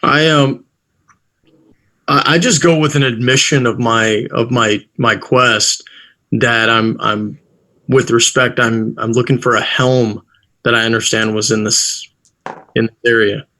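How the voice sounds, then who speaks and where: A man's voice: mid-range voice, fairly even intonation, a little slow, sharp tone, rough recording. A man playing in a tabletop role-play game, hesitant and stammering as he speaks for his character. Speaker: player.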